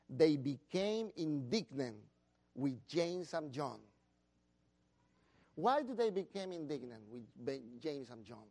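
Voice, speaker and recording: Man preaching, high and expressive, animates his story. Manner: animated storytelling, acts out disciples' voices. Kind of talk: sermon.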